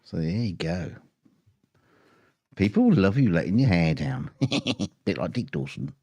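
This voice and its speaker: A man's voice: sits low, very animated, a little slow, dark tone, breathy edge, dry recording. A man co-hosting a casual chat, teasing and joking with his co-host. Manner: teasing, jokey banter.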